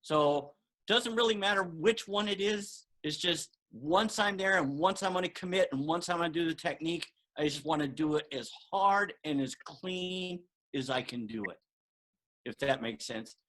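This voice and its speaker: A man telling a personal story in a casual, animated way, acting out the dialogue he quotes. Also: a little high, moderate pace, rough recording. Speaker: martial arts guest answering questions. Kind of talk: casual storytelling on a video call.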